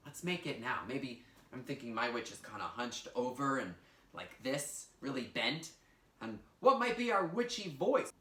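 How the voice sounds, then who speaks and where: A male teaching artist runs an online drama class for children, cheering them on and guiding each step. His voice rises and falls in lively sweeps. It sounds echoey and a bit distant from the mic. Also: mid-range voice, normal speed. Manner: upbeat and encouraging, guiding kids step by step. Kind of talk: virtual drama lesson for children. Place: indoor room, recorded for an online class.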